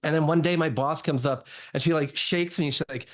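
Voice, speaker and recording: A man's voice: a little high, brisk. A man, a doctor, telling his own story in a casual interview, full of "like" and "you know". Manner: chatty, lots of "like" and "you know". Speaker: guest doctor.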